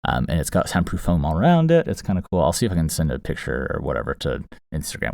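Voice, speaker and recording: Extremely low-pitched yet wildly swooping, this man's darkish, vocal-fried voice races along as he hosts a podcast and tells a funny story. He's amused and rambling, full of fillers and restarts. A close studio mic in a small foam-lined box gives a very dry, close recording.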